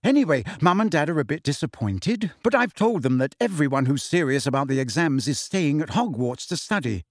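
A man voicing a clever, bossy teenage witch who talks briskly and impatiently. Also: on the high side, very animated, no echo, studio quality.

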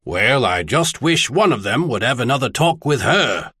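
A man's voice: mid-range voice, big pitch swings, moderate pace, bright, forceful tone, slightly rough, dry recording, studio quality, exaggerated voice. A man reading the part of a wry, shrewd older male spymaster baron in an audiobook. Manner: wry, probing questions.

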